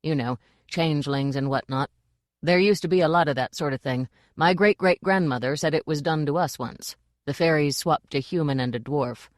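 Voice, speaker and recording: An earnest male dwarf playwright, as a woman narrator puts him on, muttering low in a countrified way. The voice sits deep for the reader and the audiobook recording is dry and close. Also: moderate pace, dry recording, natural voice. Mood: grumbling.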